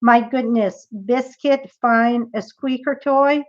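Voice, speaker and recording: A woman's voice: fairly high pitch, fairly even intonation, takes it slowly, dull audio. A woman demonstrating a craft project in a live tutorial, chatty and thinking aloud as she works.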